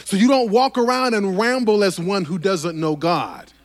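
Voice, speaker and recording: High-voiced man preaching a fervent sermon. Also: moderate pace. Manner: fervent, rhythmic preaching with repetition and direct calls to the congregation. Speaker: pastor.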